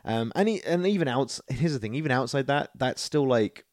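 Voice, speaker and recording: A man co-hosting a casual podcast, animated, laughing often and restarting his sentences. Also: mid-range voice, brisk, no room sound, studio quality. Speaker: podcast co-host. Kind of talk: casual chat.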